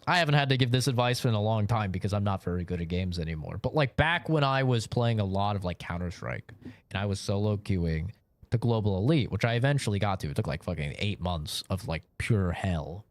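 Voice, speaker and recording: A man's voice: lowish voice, dry recording. Rambling, swearing male streamer. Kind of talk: casual chat while gaming.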